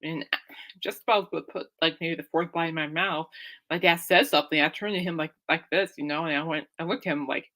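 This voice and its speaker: A woman's voice: low voice, steady tone, fairly quick, pushed and bright. A young woman telling a rambling, laugh-filled story as host of her own show, acting out what people said. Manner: rambling, laughing often, acts out quotes. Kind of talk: casual storytelling chat.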